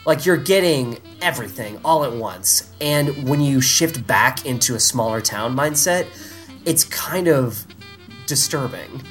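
Male podcast host, animated and exasperated, with a lively pitch and faint music underneath. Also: a little slow. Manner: animated storytelling with exasperated asides. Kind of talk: casual chat.

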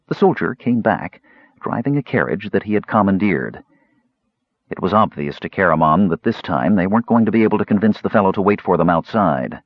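A man narrating a fantasy audiobook with a very deep, husky voice. His pitch moves expressively, and the recording is dry and a little muffled. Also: a little fast, no room sound. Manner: expressive, changing voices for characters.

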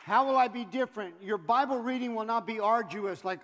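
A middle-aged man preaching a sermon as pastor, animated, swinging from loud exhortation to quiet asides. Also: high voice, fairly quick, hardly any pauses. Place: church sanctuary. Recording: long hall reverb.

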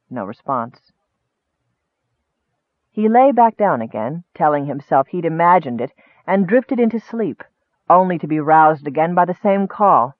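A man narrating a fantasy audiobook in a measured, expressive way. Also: a little high, no room sound. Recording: dry, tinny, narrow-band.

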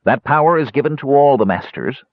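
A man reading the part of a grave old male wizard who leads a council of mages, speaking in a solemn, measured, commanding way. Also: medium pitch, expressive, no echo, phone-quality sound, pitched above the performer's own voice. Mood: grim.

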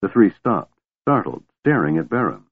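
A man narrates an audiobook at a measured storytelling pace. His voice sits very low. The sound is narrow and phone-like, and completely dry. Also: very animated, breathy edge, no room sound. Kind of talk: scripted narration. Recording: thin phone-like dry recording.

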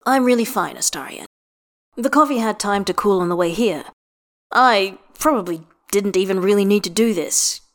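A woman's voice: medium pitch, normal speed, close to an everyday voice. A woman voicing a flustered, put-upon man in a storybook reading, protesting in a raised, strained voice.

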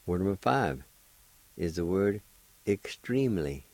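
This is a radio language lesson in which the male teacher deliberately repeats each word and then spells it out one letter at a time. He sits low in pitch, sounds expressive and a little mellow, and the dry recording has poor audio quality.

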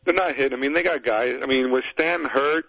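A man's voice: medium pitch, fast, a bit bright, no room sound. A man joins a sports radio show as a guest, talking bluntly and plainly. The sound is dry and a little dull. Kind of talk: casual radio banter.

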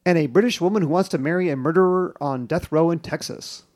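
A man hosting a television podcast, narrating in a measured, informative way. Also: fairly high pitch, a little mellow. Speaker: podcast host. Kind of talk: scripted narration and chat.

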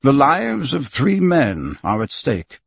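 A man playing a calm, resolute English gentleman who speaks in a measured, clipped way. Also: mid-range voice, vocal fry, breathy edge, dry recording, highs cut off, full character voice. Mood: firm.

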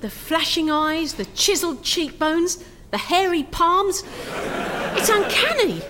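Actress as effusive tourist, bright and high, ironic gush. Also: female voice, lively intonation, slow, slight background noise, full character voice. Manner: effusive, gushing, dryly ironic. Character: gushing female tourist, arty and enthusiastic.

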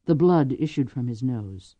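A woman narrating a novel aloud with expressive, lively storytelling. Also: rumbling low, normal speed, dry recording, muffled recording. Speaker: audiobook narrator. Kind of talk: scripted narration.

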